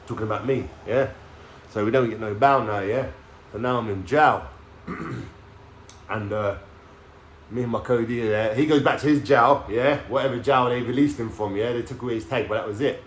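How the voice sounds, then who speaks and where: Man, streetwise vlogger telling his story, swears freely, tags lines with "yeah?", mid-pitched, in a roomy echoey space. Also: moderate pace. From London. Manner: streetwise slang, swearing, keeps checking in with "yeah?". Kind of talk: casual storytelling to camera. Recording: echoey room with faint background noise.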